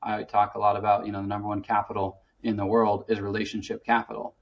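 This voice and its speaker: Man, earnest podcast talker, monotone delivery, muffled, distant recording. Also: fairly low pitch, fast, creaky. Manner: earnest, peppers speech with "you know". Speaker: podcast conversation partner. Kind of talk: casual conversation. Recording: distant, dull-sounding mic.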